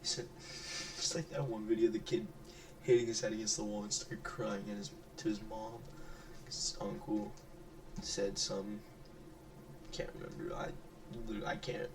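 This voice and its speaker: A man's voice: flat delivery, normal speed. A man who is sick, giving a rambling, joking commentary as he reacts to a video, often trailing off and restarting his thoughts. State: sick, voice affected by illness. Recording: distant mic with clear rumbling noise.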